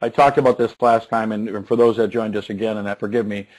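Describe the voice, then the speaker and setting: Husky man telling stories, chuckling. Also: on the low side, flat delivery, fast talker, darkish tone, rough recording. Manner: chuckling, restarts and repeats words. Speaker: success coach and speaker. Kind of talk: animated storytelling interview.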